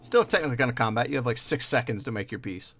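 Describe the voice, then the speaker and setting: A man's voice: mid-range voice, lively intonation, very fast, fairly bright tone, soft background music. A man narrating a tabletop game as game master, in a casual manner with fillers. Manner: casual, describes scenes with fillers.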